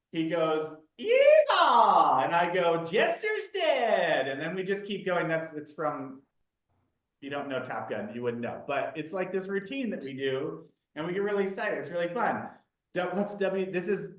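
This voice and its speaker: A man leading a live online training, animated and chatty, often asking the audience questions. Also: fairly high pitch.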